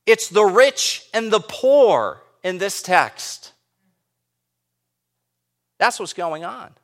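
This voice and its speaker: A man's voice: very high voice, lively intonation, takes it slowly, long pauses, fairly bright tone. A man preaching a sermon as pastor, emphatic and full of rhetorical questions.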